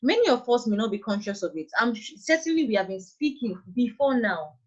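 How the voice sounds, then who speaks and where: Nigerian woman teacher, fairly high voice, patient, repeats points; dull lo-fi online audio. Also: very animated, a little fast. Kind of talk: online English lesson.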